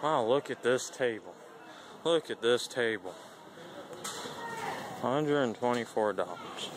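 A man's voice: medium pitch, lively intonation, slow. Guy vlogging in a big store, lotsa shop noise behind, jokey and goofy. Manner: joking, playful commentary. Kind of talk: goofy vlog banter. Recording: noisy store ambience.

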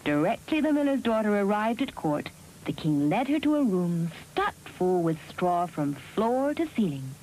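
A woman narrating a fairy tale in a measured, expressive storybook style. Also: medium pitch, slight background noise, low-quality recording.

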